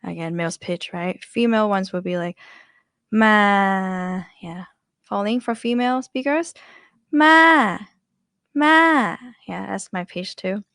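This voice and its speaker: A young woman with a Thai accent gives a casual online lesson on language tones, chatting easily and often voicing example syllables. Her medium-pitched voice has vocal fry and moves at a moderate pace, captured in a dry, studio-quality recording.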